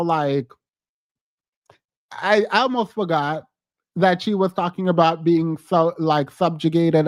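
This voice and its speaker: A man's voice: high voice, darkish tone, no echo. A man hosting a podcast, giving casual, emphatic reality-TV commentary and laughing often. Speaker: podcast host.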